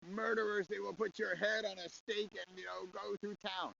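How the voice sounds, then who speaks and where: A man's voice: high voice, flat delivery, moderate pace, vocal fry, bright, forceful tone, voice pushed up, exaggerated voice. Harsh headquarters officer, done by a man, muffled. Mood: stern. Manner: stern, warning. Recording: slightly dull recording, faint hiss.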